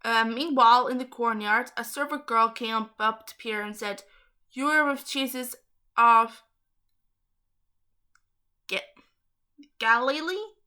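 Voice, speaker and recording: Young girl reading a bible story out loud, bright kinda high voice, chatty side comments. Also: moderate pace, clean tone. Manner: stumbles over hard names, chatty asides.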